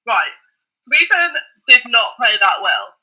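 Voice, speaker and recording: Man, podcast co-host, high voice, very bright and sharp, chatty storyteller. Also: slow, low-quality recording. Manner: chatty and animated, telling anecdotes with laughs. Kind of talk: casual chat.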